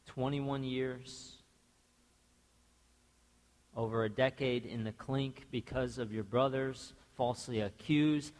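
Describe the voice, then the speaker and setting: A man's voice: medium pitch, fairly even intonation, normal speed, hardly any pauses, a little mellow. A man preaching a sermon in a church, passionately acting out the people in the story he tells. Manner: impassioned, acts out biblical speakers. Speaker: pastor. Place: church sanctuary. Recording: church sanctuary with long reverb.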